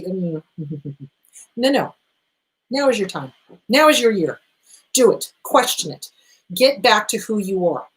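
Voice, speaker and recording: A middle-aged woman therapist hosting an advice show, answering viewer questions in an emphatic, animated way and talking straight to the listener. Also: mid-range voice, slow, pauses often, poor audio. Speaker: therapist host.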